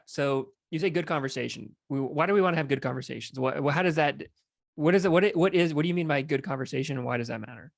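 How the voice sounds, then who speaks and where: A man hosting a podcast, asking halting questions between short acknowledgements. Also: medium pitch, gravelly, no echo, studio quality. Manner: brief backchannels, halting questions. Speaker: podcast host. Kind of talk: casual interview.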